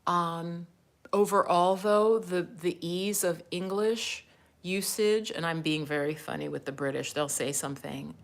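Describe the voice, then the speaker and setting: A woman's voice: fairly low pitch, unhurried. A middle-aged American woman chatting casually with viewers as a spiritual coach, laughing often and dropping to a whisper for asides. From United States. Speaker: spiritual coach and livestream host. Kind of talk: casual livestream chat.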